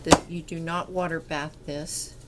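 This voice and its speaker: A woman talking through home canning in her kitchen, stuffed up and congested, rambling in a relaxed, unhurried way. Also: low-pitched, heavy background noise. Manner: slow, unhurried, rambling explanations. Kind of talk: casual kitchen how-to chat. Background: kitchen clatter of pots and utensils.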